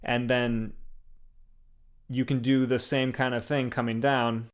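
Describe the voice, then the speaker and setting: A young man teaching a drum beat in a casual, relaxed way, explaining hi-hat accents with enthusiasm and frequent fillers. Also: medium pitch, takes it slowly, soft background music. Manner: relaxed, enthusiastic, uses "like" and "um" often.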